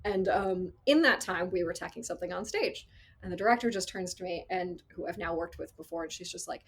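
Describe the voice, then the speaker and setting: A woman working as an associate sound designer, telling stories in a casual interview, animated and acting out quotes with frequent laughs. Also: on the low side, brisk, slightly rough. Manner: animated storyteller, acts out quotes, laughs often.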